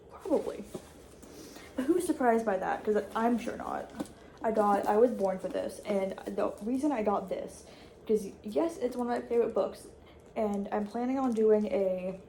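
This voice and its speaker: A woman's voice: medium pitch, mellow, a little hiss or hum. Chatty young woman vlogging from her dorm. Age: young adult. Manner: chatty, with restarts and quick asides. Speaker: college student vlogger. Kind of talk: casual vlog chat. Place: dorm room.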